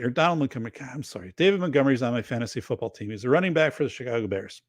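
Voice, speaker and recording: A man's voice: medium pitch, lively intonation, brisk, no room sound, clean studio sound. A man hosting a casual livestream, chatting loosely and reading viewer comments aloud. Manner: rambling, chatty, reads chat aloud. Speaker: show host.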